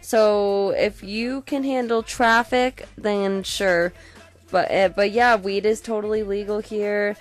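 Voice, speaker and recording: A woman's voice: medium pitch, fairly even intonation, slow, faint music behind. A young woman from Colorado, chatting loosely on a podcast, rambling and swearing freely. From Colorado, USA. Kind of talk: casual chat.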